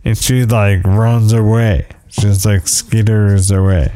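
A man's voice: fairly low pitch, steady tone, slow pace, mellow. A man hosting a podcast who rambles through anecdotes in a casual chat, with self-deprecating asides. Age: parent of young kids. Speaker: podcast host.

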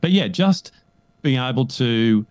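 A man's voice: medium pitch, a little slow, no room sound. Emphatic male coach in an interview. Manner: emphatic, animated, often asks "right?". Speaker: guest, leadership coach. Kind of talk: conversational interview.

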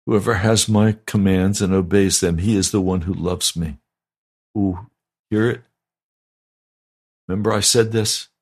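Male pastor, sermon delivery, gravelly and fervent, emphatic repetition. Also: deep voice, fairly even intonation, a little slow, pauses often. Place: broadcast sermon.

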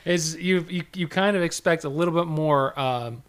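A man's voice: a little high, normal speed, smooth. A man in a casual podcast chat, laid-back and often restarting his sentences.

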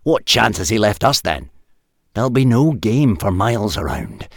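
A man voicing a gruff, short-tempered ape-man leader in a storybook reading, growling and stern. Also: lowish voice, very animated, moderate pace, no room sound, studio quality, exaggerated voice.

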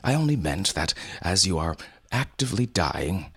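A man's voice: sits low, very animated, normal speed, fairly bright tone, breathy edge, dry recording, heavily acted. A man voicing a snooty, petulant talking male cat who lectures in a condescending tone.

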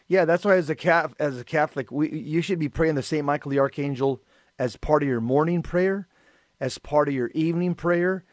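Man, co-host, storyteller, animated, fairly high voice, dry close sound. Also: brisk, dry recording. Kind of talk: casual radio talk, storytelling.

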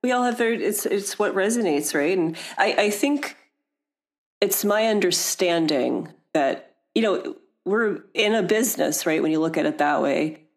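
A woman's voice: on the low side, expressive, measured pace. A woman guest on a podcast who runs her own aromatherapy business. She chats casually, laughs a lot and often trails off mid-sentence. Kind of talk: casual interview chat.

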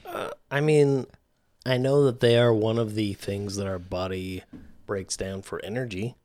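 A man co-hosting a casual podcast, talking in an easygoing, unhurried way. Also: fairly low pitch, fairly even intonation, a little mellow. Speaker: podcast co-host. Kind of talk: casual chat.

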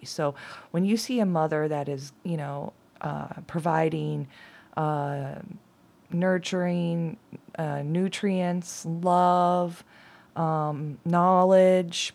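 A middle-aged woman reading tarot and oracle cards in a rambling, chatty way, laughing often and at times dropping to a soft whisper. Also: low voice. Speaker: tarot and oracle card reader. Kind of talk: casual card-reading chat.

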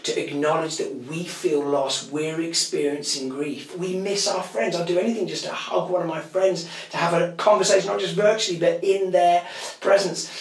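A middle-aged man preaches with a gravelly, fairly high voice, rising to emphatic bursts and dropping to near whispers. He sounds set back from the mic in an echoey room. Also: steady tone, normal speed, distant mic. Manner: dramatic, swinging from loud emphatic bursts to hushed whispers. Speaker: pastor. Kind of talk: sermon.

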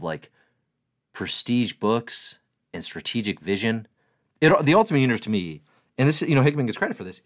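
Deep-voiced, excitable male livestream host. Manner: excitable, playful, self-mocking. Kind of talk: casual live commentary answering chat.

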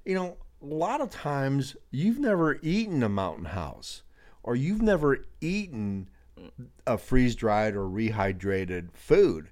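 A man's voice: medium pitch, sing-song, a little slow, a little mellow. A man co-hosting a hiking video, chatting casually with chuckles and friendly advice. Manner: easygoing, chuckling, gives friendly backpacking tips. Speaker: co-host of a hiking channel.

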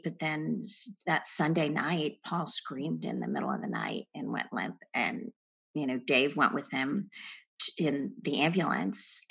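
Husky low-voiced woman telling her story. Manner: reflective, earnest storytelling with soft trailing phrases. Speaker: podcast guest. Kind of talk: personal testimony in a podcast interview.

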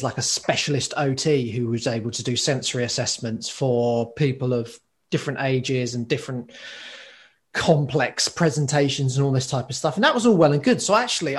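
A man in casual chat, talking as an occupational therapist, animated and prone to tangents. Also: medium pitch.

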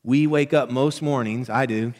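A middle-aged man preaching a sermon as pastor, conversational and animated, checking in with the congregation as he goes. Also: medium pitch, moderate pace. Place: church sanctuary. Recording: long hall reverb.

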